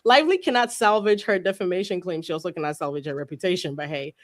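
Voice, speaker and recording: A woman's voice: on the low side, quick pace, heavy background noise. A woman co-hosting a casual chat show, reading a legal filing aloud with irreverent asides and frequent laughter. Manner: giggly, irreverent, swears freely, laughs often.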